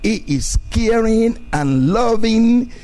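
A man's voice: sits high, animated, slow, mellow, faint music behind, rough recording. A man preaching a sermon as pastor, repeating phrases and building to emphatic declarations.

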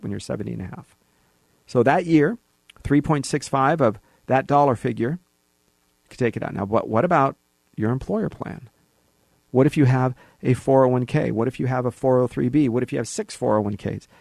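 A man hosts a financial radio program, explaining things to listeners in an emphatic, folksy manner. His voice carries a gravelly rasp. He is recorded dry and close to the mic, with no room around him. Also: medium pitch, darkish tone, no echo. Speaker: financial radio show host. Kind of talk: conversational radio monologue.

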